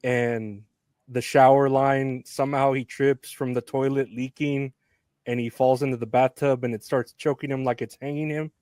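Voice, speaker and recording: A man's voice: mid-range voice, level tone, darkish tone, smooth, no echo, clean studio sound. Laid-back man chuckling through a recap. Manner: laid-back, laughs often, halting restarts. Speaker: podcast co-host. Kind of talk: casual chat recapping a film.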